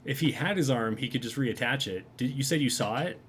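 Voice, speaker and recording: A man's voice: mid-range voice, a little fast, a bit bright, a little hiss or hum. A man casually narrating as game master of a tabletop game, rambling with frequent fillers.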